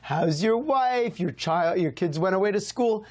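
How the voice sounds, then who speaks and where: A man voicing a rabbi in a retold story, chatting warmly while raising money for an orphanage. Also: high voice, lively intonation, a little slow. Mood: chummy. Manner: chatty, overly friendly. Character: persistent male rabbi fundraising for orphans.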